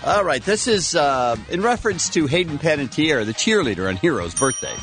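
A male morning radio co-host with a slightly raised, lively voice, chatting in a wry, easygoing way. His pitch moves around as he jokes. Soft music plays behind him. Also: fairly quick.

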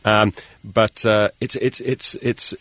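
A Scottish man, a film director, talking in a casual radio interview, halting and repeating words as he goes. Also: fairly low pitch, little pitch movement, fairly bright tone, no room sound. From Scotland.

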